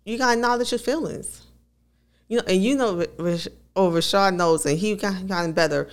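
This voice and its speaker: This woman's medium-pitched, clean voice moves fairly quickly as she co-hosts a relaxed podcast. She's candid and laughs a lot while recounting personal stories.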